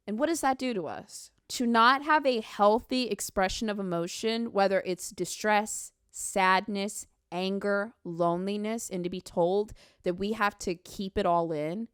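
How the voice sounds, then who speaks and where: Bright-voiced woman reacting animatedly. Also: medium pitch, unhurried, clear, resonant tone, no echo, studio quality. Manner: animated, emphatic, sarcastic asides. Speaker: commentary streamer host. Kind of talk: reaction commentary.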